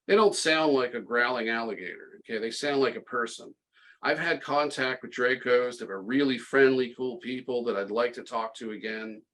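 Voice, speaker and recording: A man's voice: mid-range voice, fairly bright tone, poor audio. Middle-aged man telling a story sarcastically. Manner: sarcastic, tongue-in-cheek, many restarts. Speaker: podcast guest. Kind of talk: casual storytelling.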